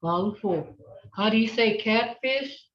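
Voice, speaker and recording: Patient female language instructor, very slow delivery, muffled video-call sound. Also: on the high side. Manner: patient, slow, repeats words for the learner. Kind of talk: online language lesson with call and response. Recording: dull lo-fi video call audio.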